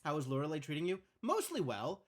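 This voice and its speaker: A male game streamer muses his way through a puzzle on a live stream. His voice sits a little high for a man. It rises and falls animatedly. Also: wildly swooping pitch, fast talker. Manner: thinking aloud, musing.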